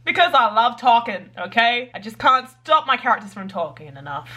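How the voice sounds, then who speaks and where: Bright, bubbly woman chatting to camera. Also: fairly high pitch, very animated, normal speed. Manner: chatty and bubbly, full of "like" fillers. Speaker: writer vlogger. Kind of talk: casual chat to camera.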